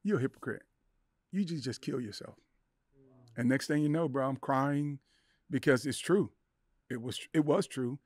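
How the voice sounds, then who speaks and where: A man's voice: medium pitch, normal speed, pauses often, a little mellow, no room sound, studio quality. A middle-aged man, a podcast guest, telling an emotional personal story with intensity, acting out the voices in his head. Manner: intense, acts out inner voices and quotes.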